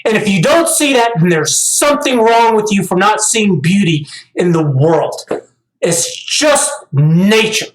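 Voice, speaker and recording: There's a little hiss or hum on this recording of a middle-aged vlogger speaking at a measured pace in a high-pitched, expressive voice. Rambling casually in an echoey room, he repeats words when restarting and turns emphatic as he rants.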